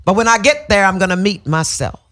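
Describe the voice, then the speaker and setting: A woman tells her stories with big theatrical swings, swearing freely and slipping into little sung lines. Her voice leaps up and down in pitch. Her tone is bright and forceful. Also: expressive, a little fast. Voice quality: theatrical, profane, bursts into sung phrases. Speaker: guest. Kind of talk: candid storytelling in an interview. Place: radio studio.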